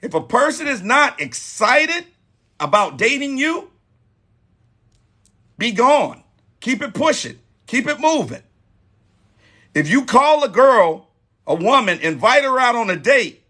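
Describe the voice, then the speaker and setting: A man's voice: very high voice, sing-song, slow pace, pauses often, sharp tone. A man in his forties hosting a live dating-advice talk, emphatic and repeating his key points. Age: 40s. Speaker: host.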